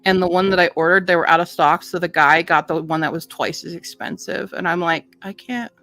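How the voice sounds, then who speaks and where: A woman's voice: lowish voice, flat delivery, a little fast, pushed and bright, no echo, soft background music. A stuffy-nosed woman hosting a book video, reading blurbs and chatting casually, joking and swearing freely.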